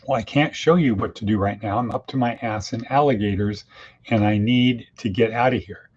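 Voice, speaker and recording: A man hosts a daily podcast in a casual, folksy monologue packed with plain-spoken idioms. His voice is lowish and a little fast, on a dull lo-fi recording with faint hiss.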